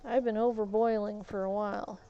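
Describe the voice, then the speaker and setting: A woman's voice: mid-range voice, little pitch movement, fairly quick, lo-fi sound. A woman streaming a game, chatting casually and ranting in frustration while she plays. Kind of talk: casual gaming livestream chat.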